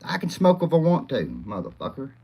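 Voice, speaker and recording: Rowdy man, lively swooping voice. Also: medium pitch, a little fast, gravelly, husky. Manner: crude, profane, rowdy, laughs a lot; talks to chat by name. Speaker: livestream host. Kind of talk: rambling live chat.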